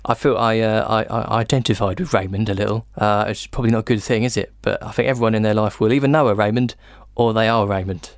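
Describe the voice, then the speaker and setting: A man's voice: lowish voice, fairly even intonation, quick pace, few pauses, no room sound. Male host, friendly, laughs along, dry close sound. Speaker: interviewer, host. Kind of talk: casual interview chat.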